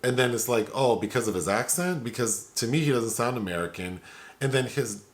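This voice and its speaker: A man's voice: mid-range voice, animated, brisk. A man hosting a film review podcast, chatting casually with fillers and laughter. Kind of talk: casual chat.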